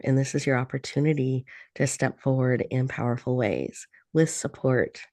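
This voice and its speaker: A woman host introducing her guest and leading listeners through a slow, soothing breathing meditation. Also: rumbling low, mellow, no echo, studio quality. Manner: soothing, slow, encouraging guidance. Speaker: radio show host.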